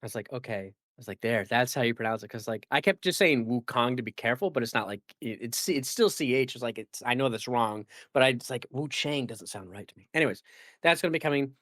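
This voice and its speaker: A man's voice: medium pitch, animated, quick pace, a bit bright, no room sound, studio quality. A man hosting a casual gaming podcast, rambling with lots of fillers and restarts. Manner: rambling, filler-heavy and self-correcting. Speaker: podcast host.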